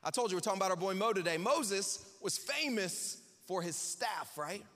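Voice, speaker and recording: A man's voice: high-pitched, animated, moderate pace, a bit bright, in a large hall. A man preaching a sermon in a casual, chatty way, with joking asides to the congregation. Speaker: pastor.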